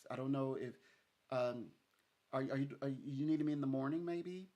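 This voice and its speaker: A man's voice: medium pitch, moderate pace, warm tone, highs cut off. A man chatting casually as a psychic reader, rambling, laughing often and acting out what others said. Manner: rambling, laughs often, acts out quoted speech. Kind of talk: casual chat with a client.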